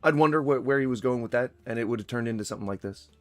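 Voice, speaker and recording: A man's voice: medium pitch, racing, no room sound, soft background music. A man giving casual reaction commentary in a sarcastic, rambling, mocking manner.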